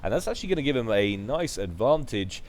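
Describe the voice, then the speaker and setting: A man's voice: medium pitch, big pitch swings, fast, darkish tone. A man giving casual, chatty play-by-play commentary on a strategy game, with joking asides. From United Kingdom.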